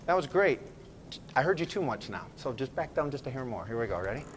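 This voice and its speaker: A man leading a school band rehearsal, giving brisk, encouraging directions, counting off and singing phrases to show how they should sound. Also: medium pitch, sing-song, a little hiss or hum. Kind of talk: ensemble rehearsal instruction.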